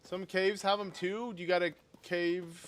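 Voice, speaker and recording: A man streaming a game live, chatting casually with his viewers in an excitable, talkative way and laughing often. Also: sits high, a little slow, a little hiss or hum.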